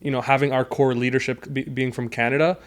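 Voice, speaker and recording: A man as an interview guest, explaining things earnestly in a measured way about his team. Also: medium pitch, flat delivery. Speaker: guest, sales team leader. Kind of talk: casual interview chat.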